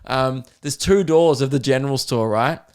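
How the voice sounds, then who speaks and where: A young Australian man hosts a comedy podcast, speaking at normal speed with slight background noise. He tells a story casually, swearing and laughing as he goes and mimicking kids in a high voice.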